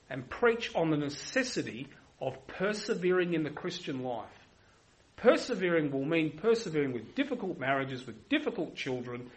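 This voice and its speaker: A man's voice: a little high, rough recording. Emphatic preacher man. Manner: emphatic, repetitive, swings from loud to quiet. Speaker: pastor. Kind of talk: sermon.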